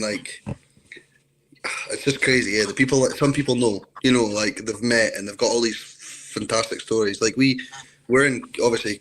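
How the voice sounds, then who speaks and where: A man's voice: fairly low pitch, a bit bright, slight background noise, low-quality recording. A Scottish man telling stories in a rambling, enthusiastic casual chat.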